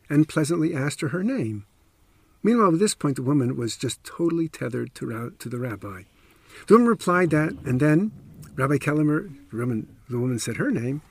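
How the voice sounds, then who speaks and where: A man's voice: on the high side, animated, brisk, no room sound. A man narrating a true story on a podcast, emphatic with wry asides, close to the mic.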